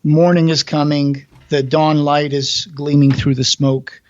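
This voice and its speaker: Animated man retelling a story. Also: on the high side, measured pace, dry recording, highs cut off. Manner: animated retelling, acting out quoted lines, many fillers and restarts. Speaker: podcast co-host. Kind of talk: casual chat, retelling a play's plot.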